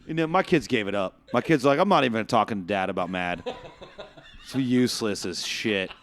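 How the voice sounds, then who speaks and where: A man's voice: on the low side, lively intonation, brisk. A man hosting a podcast in casual chat, telling stories with frequent laughs and plenty of swearing. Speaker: podcast host.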